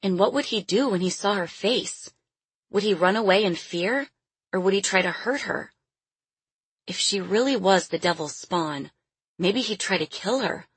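A woman reading a novel aloud as an audiobook narrator, in a measured and expressive way. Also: mid-range voice, breathy edge, no echo. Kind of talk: scripted storybook narration.

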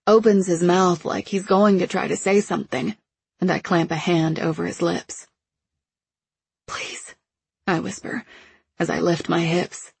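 A woman narrating a first-person audiobook in a measured, intimate, low-key way. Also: creaky, darkish tone, husky, no room sound.

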